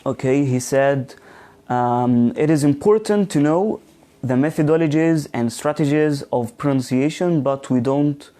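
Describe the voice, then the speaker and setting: A man leads a live online lesson on pronunciation, reading viewer comments aloud as he goes. He talks slowly, pausing often with ums and false starts. His voice is mellow and dark. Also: medium pitch. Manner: slow, with frequent ums and restarts, reads out viewer comments. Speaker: English teacher trainer. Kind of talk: live online teaching session.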